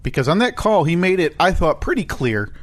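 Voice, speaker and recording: A man's voice: a little high, big pitch swings, brisk. A man co-hosting a casual comedy podcast, rambling through jokes and laughing often. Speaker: podcast co-host.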